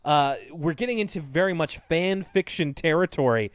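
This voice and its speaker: A man co-hosting a podcast in a casual, joking way, laughing often between points. His voice sits slightly high for a man. The sound is dry and close to the mic. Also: moderate pace, no echo. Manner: chatty, laughs often, jokey. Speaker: podcast co-host. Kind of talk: casual chat.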